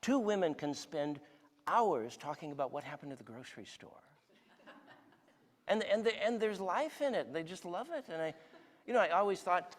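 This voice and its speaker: With a high, expressive voice at a moderate pace, a man in his sixties addresses a large church hall as a guest speaker. His conversational sermon mixes storytelling with questions put to the listeners.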